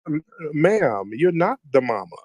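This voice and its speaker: A man's voice: fairly high pitch, very animated, a little slow, darkish tone, no room sound, low-quality recording. A man hosting an online audio show, roasting a caller in a mock-formal way and calling her ma'am.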